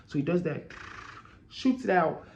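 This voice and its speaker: Excitable young man talking slangy commentary. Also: measured pace, vocal fry, a little hiss or hum. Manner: excitable, slangy, trails off into low murmurs. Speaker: anime and manga commentator. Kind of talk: casual video commentary.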